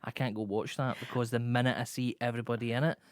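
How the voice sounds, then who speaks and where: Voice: medium pitch, level tone, fast, no room sound. A radio co-host with an ordinary mid-range voice, grumbling and mocking in casual banter. The sound is close and dry, with no room around it. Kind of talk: casual comedic chat.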